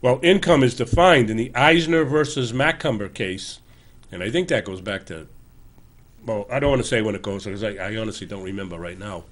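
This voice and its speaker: A man in his sixties hosting a show, giving an emphatic, earnest political commentary monologue in a loose, conversational way, often correcting himself as he goes. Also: medium pitch. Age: 60s. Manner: earnest, emphatic, urging listeners. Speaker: show host.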